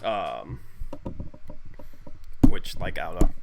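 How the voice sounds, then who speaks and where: A man's voice: low voice, big pitch swings, takes it slowly, gravelly, heavy background noise. A young man hosting a casual livestream, joking in slangy, laid-back talk and thanking viewers for donations. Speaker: host.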